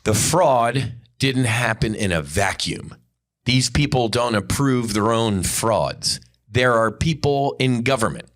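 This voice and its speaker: A man's voice: mid-range voice, expressive, takes it slowly, fairly bright tone. A man hosting a podcast, delivering an angry, profane and blunt unscripted monologue. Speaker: podcast host.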